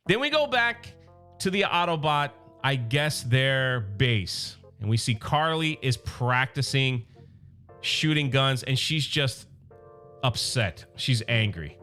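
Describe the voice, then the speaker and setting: A man recapping a comic book in casual, excited commentary, openly biased toward his favorite character. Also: mid-range voice, slow, faint music behind.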